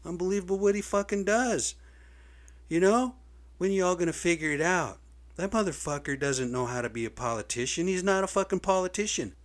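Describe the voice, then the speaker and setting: A man's voice: high voice, fairly quick. A man ranting in a vlog monologue, blunt and profane, getting worked up and swearing freely. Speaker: video blogger. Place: lives in Seattle area.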